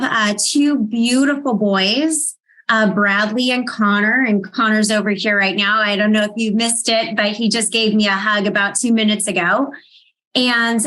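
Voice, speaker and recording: Heartfelt mother on a panel, fairly high voice. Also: a bit bright, rough recording. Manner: heartfelt, halting with ums. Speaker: panel speaker, foundation founder. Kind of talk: personal storytelling talk.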